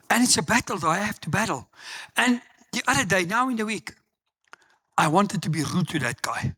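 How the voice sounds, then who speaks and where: A middle-aged South African man preaching a sermon, telling personal stories and acting out the dialogue with loud exclamations. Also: sits high. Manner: animated storytelling, acts out dialogue, exclaims loudly. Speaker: pastor.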